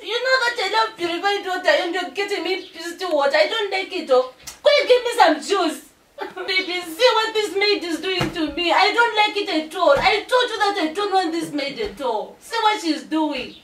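Woman acting demanding pregnant mistress, Zimbabwean accent, very high voice, whiny and giggly, comedy skit, echoey room. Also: expressive, moderate pace, fairly bright tone. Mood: complaining. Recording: roomy, distant from mic.

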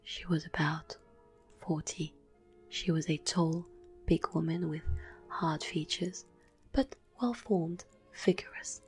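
A woman reading a classic story aloud in a slow, hushed ASMR whisper. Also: fairly low pitch. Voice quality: breathy whisper. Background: soft classical music.

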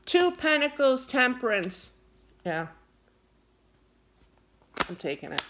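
Middle-aged woman tarot reader, higher voice, swings up and down a lot, gets worked up and teases. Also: takes it slowly. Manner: animated, gets wound up and scolds playfully. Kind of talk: casual tarot reading to camera.

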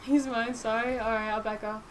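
A woman's voice: fairly high pitch, flat delivery, moderate pace, slight background noise. A woman streaming a game live, chatting casually, swearing freely and answering her chat aloud.

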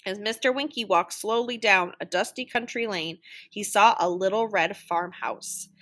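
A woman reading a children's story aloud, animated and playing out the noises. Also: mid-range voice, normal speed. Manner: animated, sound-effect voices for noises. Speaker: children's book reader.

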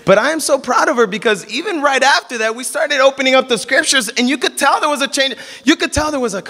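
Animated preacher guy, bright high voice, acts out people he quotes, echoey church hall. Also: brisk, hardly any pauses. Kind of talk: sermon.

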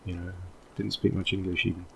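A man giving casual, thinking-aloud commentary while playing a video game, drifting into relaxed, rambling asides. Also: low voice, fairly quick, vocal fry, slight background noise. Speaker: let's play host.

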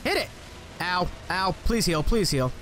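A man giving let's play commentary on a video game, excitable, swearing and yelling at enemies, his voice cracking at times. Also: high-pitched, a little slow, a little hiss or hum. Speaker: gaming channel host.

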